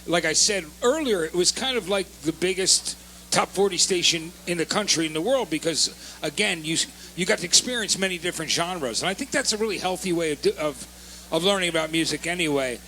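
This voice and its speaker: Male panelist, high gravelly voice, emphatic and excitable. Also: fairly quick, a little hiss or hum, rough recording. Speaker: panelist, former music TV host. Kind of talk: live panel storytelling. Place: live expo panel stage.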